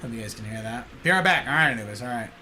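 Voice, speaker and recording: A man's voice: medium pitch, expressive, very fast, sharp tone, slight background noise. A man casually commentating a video game live, playful and chatty, greeting his viewers. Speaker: game streamer.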